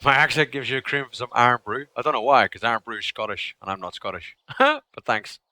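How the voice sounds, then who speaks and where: A man's voice: medium pitch, fast talker, sharp tone, dry recording. A young man streaming a survival game live, chatting casually, swearing now and then, grumbling at the game and answering his chat. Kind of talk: live gameplay commentary.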